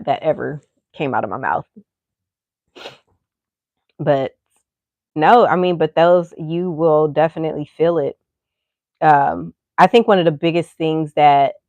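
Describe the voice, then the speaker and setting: A woman with a low, deep voice talks in a loose, rambling way and keeps dropping "you know" into her sentences. The sound is dry and close, with no room echo. She speaks as a podcast host sharing frank thoughts. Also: darkish tone. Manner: candid, rambling, full of "you know" asides. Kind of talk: casual chat.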